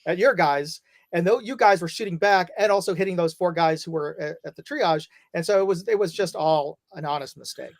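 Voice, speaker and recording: A man's voice: sits high, a little fast. A man in casual podcast chat, insistently correcting the others with stop-start restarts.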